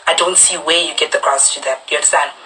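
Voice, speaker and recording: A young woman tells a personal story with lively emphasis. Her voice sits a little low but sounds bright and crisp. A faint hum runs under the recording. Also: fast, poor audio. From South Africa. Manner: animated storytelling, acting out quoted voices. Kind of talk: recounting a personal dispute.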